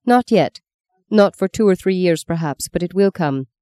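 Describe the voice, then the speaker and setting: A woman's voice: lowish voice, expressive, normal speed, warm tone, no room sound, clean studio sound, natural voice. A woman voicing a scheming, sardonic old woman who speaks curtly and mockingly. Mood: taunting. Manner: mocking, curt, taunting.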